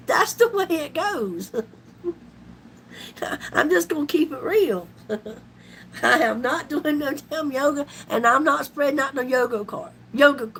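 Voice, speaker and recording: Bright, slow-talking woman laughing easily. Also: high-pitched, animated, a little hiss or hum. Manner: laughs often, folksy and loud, down-home slang. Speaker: live-stream seller. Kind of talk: casual live-stream chat.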